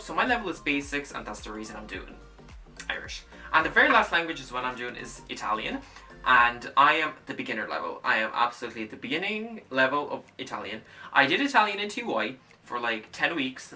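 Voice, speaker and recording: Recorded from a distance, this young man's mid-range voice sounds pushed and bright. A late-teen student whose first language is Russian, he rambles through a casual vlog about his studies, often restarting, repeating and correcting himself.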